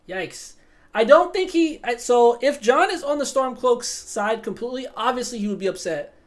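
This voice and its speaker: A young woman streaming a fantasy game, narrating role-play with giggles, swearing and easy distraction. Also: a little high. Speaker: gaming streamer. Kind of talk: casual role-play gaming commentary.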